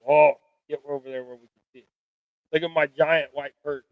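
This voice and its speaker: A man's voice: a little high, big pitch swings, moderate pace, no echo, poor audio. A middle-aged man hosting a fishing stream, chatting in a rambling, folksy, self-deprecating way while he ties jigs at home. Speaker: fishing channel host. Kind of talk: casual live-stream chat while tying jigs.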